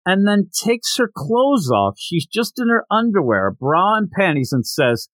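Lively, animated man recapping a comic. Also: high voice, measured pace, hardly any pauses, dry recording, rough recording. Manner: animated storyteller, jokey asides. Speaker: podcast host. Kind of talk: casual manga chapter recap.

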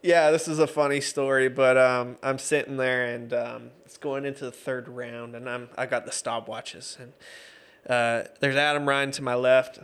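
Guesting on an interview show, a man in his thirties who works as an MMA referee and judge tells casual stories with laughs and frequent fillers. His mid-range voice is level, a bit bright and clean, at a normal speed.

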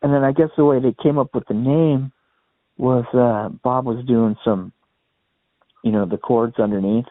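A man co-hosting a podcast, chatting casually about a rock album and retelling studio stories, sometimes quoting people in quick put-on voices. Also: mid-range voice, no room sound. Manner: relaxed storyteller, quotes others in small put-on voices. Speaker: podcast co-host. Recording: dry, thin phone-like sound.

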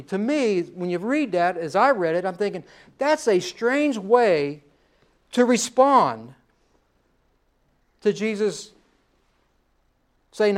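A man's voice: high-pitched, big pitch swings, slow pace, long pauses. A male pastor preaching a sermon in a conversational way, often repeating phrases and checking in with "right?".

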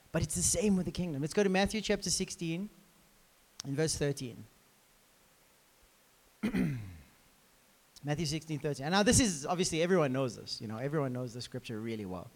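Animated high-voiced male preacher. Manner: animated, conversational, talks to the congregation. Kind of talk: lively sermon teaching. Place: crowded hall with a live congregation. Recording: reverberant hall.

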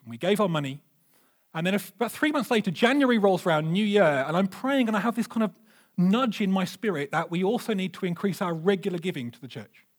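A man, preaching a sermon with animated, humorous storytelling. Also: high voice. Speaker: pastor.

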